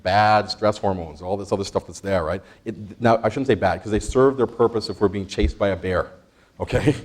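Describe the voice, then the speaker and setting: A man presenting an interactive workshop, energetic, quizzing the audience and laughing often. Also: on the low side. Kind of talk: interactive stress-management workshop.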